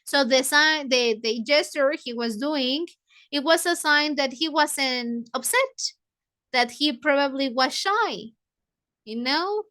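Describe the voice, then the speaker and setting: Woman, book club leader, bright, high voice. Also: takes it slowly. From Mexico. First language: Spanish. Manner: paraphrases lines, glosses words in Spanish. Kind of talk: explaining a novel to English learners.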